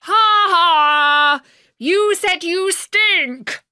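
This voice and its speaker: A woman's voice: fairly high pitch, expressive, slow, sharp tone, no echo, clean studio sound, heavily acted. A woman voicing a silly young male jester who works as a secret agent, telling jokes in a chirpy, cheeky way in a storybook reading. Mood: joking.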